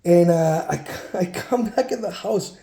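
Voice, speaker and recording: A man's voice: sits high, a little slow, gravelly, warm tone, reverberant. A man casually telling a rambling childhood story while sorting through a card collection, breaking off for muttered asides.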